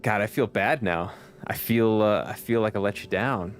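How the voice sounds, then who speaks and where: Laid-back low-voiced man streaming a game. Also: normal speed. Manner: chatty, laughs often, swears casually, reads chat aloud. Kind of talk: casual chat while gaming. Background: faint background music.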